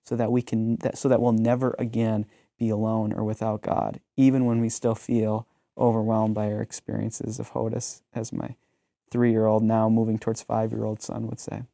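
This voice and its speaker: A man's voice: lowish voice, little pitch movement, normal speed, gravelly, mellow, dry recording, clean studio sound. A man in his thirties, a pastor, talking reflectively in a conversational discussion and telling stories with frequent ums.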